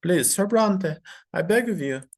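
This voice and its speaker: A man's voice: high-pitched, lively intonation, unhurried, pitched above the performer's own voice, heavily acted. A man voicing a terrified mother who pleads for mercy, his voice raised and strained. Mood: pleading.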